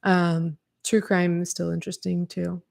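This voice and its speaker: A woman hosts a podcast livestream and talks straight to her chat. She rambles casually, full of fillers and restarts, and speaks frankly, even swearing at times. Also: lowish voice, unhurried, vocal fry. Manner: talks to live chat readers. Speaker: podcast host.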